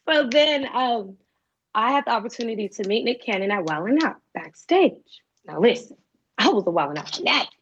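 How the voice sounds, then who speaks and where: Brief: a lively woman in her twenties telling her story, higher voice, dull sound. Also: normal speed, a little hiss or hum. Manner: animated, acts out quoted voices. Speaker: guest. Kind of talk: storytelling in an interview. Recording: dull lo-fi recording.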